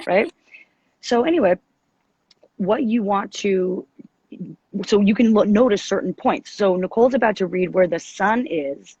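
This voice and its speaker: Raspy deep-voiced woman rambling. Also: measured pace, pauses often, muffled recording. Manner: rambling, animated, self-interrupting. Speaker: podcast co-host and astrologer. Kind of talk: casual spiritual chat. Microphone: video call.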